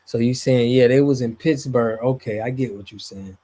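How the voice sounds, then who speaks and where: A man's voice: medium pitch, moderate pace, dark tone. A man hosting a live stream, chatting casually and reading viewer comments in a loose, slangy way, his voice trailing off at the ends of phrases. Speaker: streamer host reading chat.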